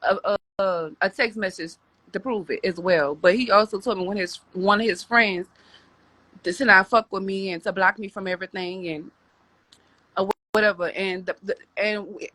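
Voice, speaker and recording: A woman's voice: medium pitch, fairly quick, bright, forceful tone, dry recording. A woman telling a personal story as a podcast guest, rambling with many restarts and repeated words.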